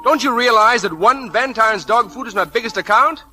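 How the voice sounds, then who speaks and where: Eager ad-man husband, high, very bright and lively voice; 1940s radio. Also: moderate pace, soft background music, heavily acted. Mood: persuasive. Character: ambitious young advertising husband.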